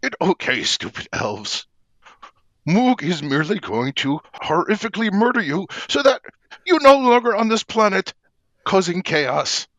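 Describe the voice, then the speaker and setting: A man's voice: sits high, sing-song, a little slow, fairly bright tone, no echo, heavily acted. A man voicing a murderous orc warrior who talks about himself in the third person with broken grammar. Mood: menacing. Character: brutish male orc warrior, murderous and blunt.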